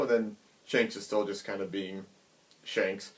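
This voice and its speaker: A man casually retelling a comic chapter in an animated, chatty way, acting out the characters' quotes. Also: lowish voice, measured pace. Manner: animated, chatty, many fillers. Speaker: manga reviewer.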